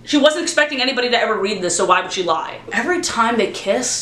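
A woman's voice: a little high, quick pace, hardly any pauses. Sarcastic, foul-mouthed woman reviewing a book. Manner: animated, sarcastic, swears freely. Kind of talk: casual chat. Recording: echoey room.

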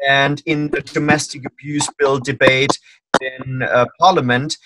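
A man who is not an English speaker, talking in an earnest, animated way, ranting during a casual panel discussion. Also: mid-range voice, measured pace, heavy background noise. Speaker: panel guest.

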